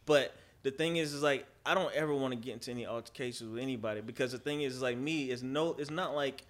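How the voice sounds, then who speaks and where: A man's voice: medium pitch, fast talker, a bit bright. A man in casual chat on a podcast, earnestly explaining himself at length. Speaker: guest.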